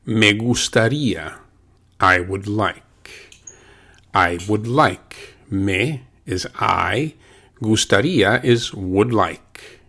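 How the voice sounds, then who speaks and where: A man teaching a language lesson, patiently saying words slowly and repeating them for practice. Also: fairly low pitch, creaky, bright, forceful tone.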